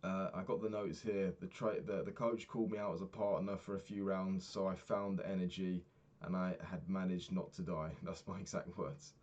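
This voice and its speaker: A young man, a personal trainer, candidly recapping his week and swearing freely, getting animated when retelling annoyances. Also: low-pitched, moderate pace, hardly any pauses, dull audio. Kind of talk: casual vlog recap.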